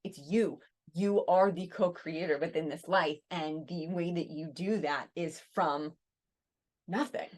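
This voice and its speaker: A woman co-hosting a podcast, telling a personal story in a casual, animated way, often saying "like". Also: on the low side, unhurried. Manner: animated, heavy use of "like", frequent restarts. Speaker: podcast co-host.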